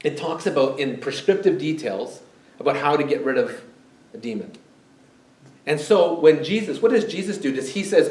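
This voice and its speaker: A man's voice: on the high side, lively intonation, moderate pace, a little mellow. Man preaching, echoey and distant. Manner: conversational, asks the congregation questions. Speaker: pastor. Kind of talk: sermon. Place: church sanctuary. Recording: echoey church hall, mic far off.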